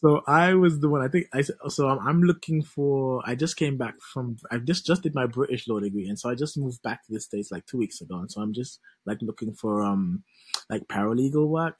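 A young man with a Kittitian accent calls in, talking fast, politely and a little haltingly. His voice is somewhat husky. The sound is dry, with no room echo. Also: medium pitch. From Saint Kitts. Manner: polite, quick, a bit halting. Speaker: caller.

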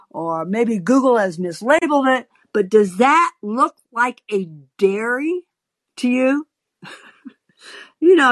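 An older woman hosts her show as an advice columnist, telling a long story to her listeners with wry asides. She speaks slowly, her pitch swooping up and down with lively expression. The sound is dry and close. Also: dry recording. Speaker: advice columnist and podcast host.

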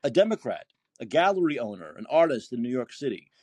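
A very animated fast talker with a husky, darkish mid-range voice, recorded without room sound, hosts a political call-in podcast. In his indignant, heated monologue of political commentary, he swears, fires off rhetorical questions, and quotes posts from his feed.

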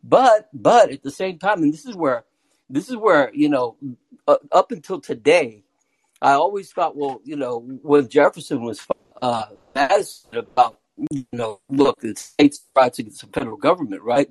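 A man's voice: on the high side, expressive, normal speed, dry recording, poor audio. A man calling in to a talk show by phone, rambling and repeating words as he builds an argument. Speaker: caller. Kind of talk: casual call-in discussion. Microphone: phone through a call-in app.

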